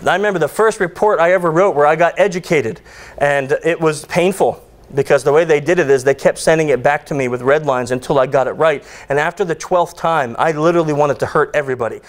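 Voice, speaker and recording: A man speaking at a conference, telling stories with jokes and a ranting edge. His voice sits a little high for a man. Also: fast talker. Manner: joking, ranting, animated storytelling. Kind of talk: conference talk. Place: conference hall.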